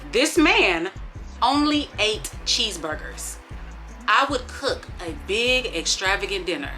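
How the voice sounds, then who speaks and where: Sassy thirties woman, bright-toned voice over faint background music, casual storytime vlog with big swings from hushed to loud. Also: medium pitch, unhurried. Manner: animated, sassy, swings between hushed disbelief and loud exclamations. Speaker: vlogger.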